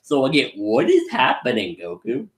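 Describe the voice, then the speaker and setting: A man's voice: mid-range voice, wildly swooping pitch, normal speed. A man giving a casual movie review, rambling and often restarting his sentences as he laughs along. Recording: roomy echo.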